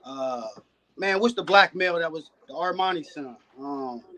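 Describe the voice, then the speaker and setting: A man, a guest on a podcast and a dog breeder, telling stories in a relaxed, casual way. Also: fairly high pitch, normal speed. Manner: laid-back, peppers talk with "man". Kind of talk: casual storytelling chat.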